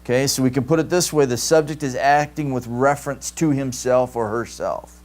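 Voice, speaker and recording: A man's voice: medium pitch, moderate pace, darkish tone. A man teaching a Greek grammar class, explaining patiently and checking in with "right?" often. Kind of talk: classroom lecture. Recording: live stream capture.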